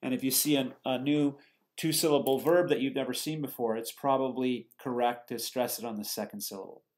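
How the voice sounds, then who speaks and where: A man teaching a lecture, explaining step by step in a steady way, with fillers and self-corrections. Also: medium pitch, fairly quick. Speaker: English teacher giving a lecture. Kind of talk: recorded lecture.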